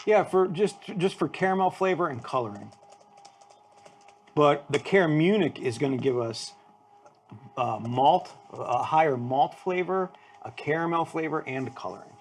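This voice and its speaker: A man co-hosting a brewing stream, his voice a bit high. He walks through the malts and their flavors in a steady, plain way, casual and unhurried. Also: slight background noise. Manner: steady, explains ingredients plainly. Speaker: brewer co-host. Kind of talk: casual chat explaining brewing.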